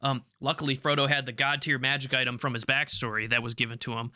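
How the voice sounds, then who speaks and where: A man's voice: mid-range voice, little pitch movement, fast, bright, forceful tone, no echo, studio quality. A man co-hosting a podcast, chatting casually and eagerly about tabletop games. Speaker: podcast co-host.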